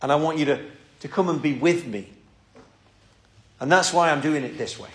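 A man voicing a patient, loving middle-aged father who speaks gently and reassuringly. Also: fairly high pitch, moderate pace, lightly acted. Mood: tender. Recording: roomy echo.

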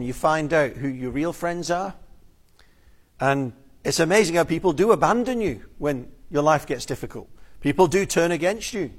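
Guy preaching a sermon, voice a bit on the high side, earnest, stretches out the big words. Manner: earnest, emphatic, with slow drawn-out stresses and repeated words. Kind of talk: expository sermon.

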